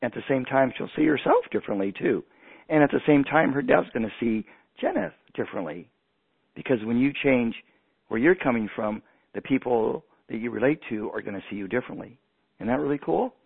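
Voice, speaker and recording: A man leading a guided energy meditation on a radio show, giving calm, slow, reassuring instructions over a phone line. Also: medium pitch, vocal fry, slightly rough. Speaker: energy healer guiding listeners. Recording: tinny phone line, dry.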